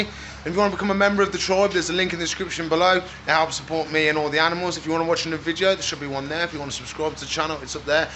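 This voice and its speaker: A man's voice: fairly high pitch, bright, forceful tone, slight background noise. A man hosting a casual pet vlog, chatting to viewers and cooing affectionately at his animals as he feeds them. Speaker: exotic pet keeper and channel host. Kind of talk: casual vlog narration while feeding animals.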